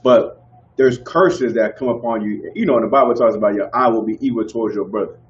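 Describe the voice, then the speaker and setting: A man teaching a group in casual preaching style, animated and conversational, often asking whether listeners follow. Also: lowish voice, brisk, dull audio, slight background noise. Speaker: street teacher.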